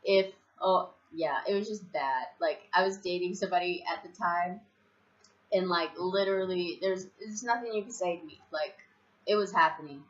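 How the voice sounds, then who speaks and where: Low-voiced woman telling a lively story. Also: normal speed, dull audio. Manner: animated, laughs often, acts out her past reactions. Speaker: vlogger. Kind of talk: casual storytelling.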